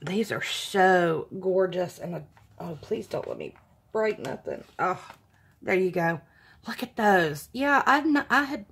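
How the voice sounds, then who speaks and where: A woman's voice: on the low side, expressive, slow pace, vocal fry, a bit bright, breathy edge. A woman hosting a casual craft unboxing vlog, gushing and exclaiming over everything she opens. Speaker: craft channel host.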